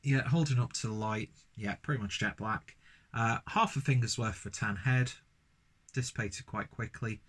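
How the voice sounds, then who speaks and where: A man's voice: on the low side, moderate pace, fairly bright tone, slightly rough. A man casually reviewing a beer, rambling with lots of fillers and restarts.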